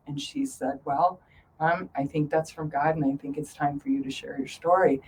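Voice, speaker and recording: A middle-aged woman, a guest in an interview, telling her story with animated voices for her own past thoughts. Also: low-pitched, normal speed, a little hiss or hum, poor audio.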